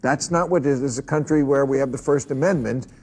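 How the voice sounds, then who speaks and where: A man's voice: medium pitch, fast, darkish tone. A man hosting a talk show, chatting casually with fillers and wry asides. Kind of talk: casual chat.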